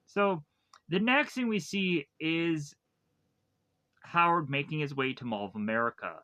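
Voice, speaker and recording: A man's voice: medium pitch, sharp tone, clear, resonant tone. A man casually retelling a film's plot for a review, rambling with lots of fillers and restarts. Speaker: film reviewer.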